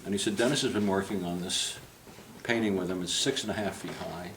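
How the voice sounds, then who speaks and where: A man's voice: low voice, fairly quick, fairly bright tone, a little hiss or hum, rough recording. An older man, a portrait painter, telling a long, humorous and digressive anecdote to a group while giving a tour. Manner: humorous, digressive, acts out quoted voices. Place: club interior, in a room with a group.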